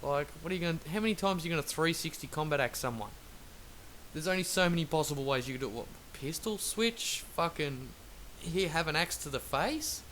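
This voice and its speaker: A man's voice: a little high, animated, brisk, fairly bright tone. A man giving an angry, profane, rambling rant over gameplay as a gaming video maker. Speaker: gaming YouTuber. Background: faint traffic noise.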